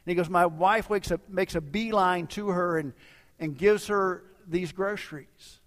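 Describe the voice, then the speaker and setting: A man preaching a sermon as a lively storyteller, acting out the dialogue of the people in his story. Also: high voice. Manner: animated storyteller acting out dialogue in quick asides. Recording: long reverb of a large hall.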